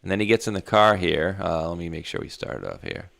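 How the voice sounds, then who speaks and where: A man's voice: low-pitched, animated, fast talker, vocal fry, very noisy. A man co-hosting an online talk show in a laid-back, rambling, mocking way. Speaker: co-host. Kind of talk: casual chat.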